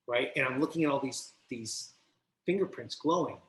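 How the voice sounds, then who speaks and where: A man's voice: medium pitch, normal speed, a bit bright. A man from New Jersey telling his recovery story as a podcast guest. He tells it with animation and acts out both sides of the dialogue. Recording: roomy echo.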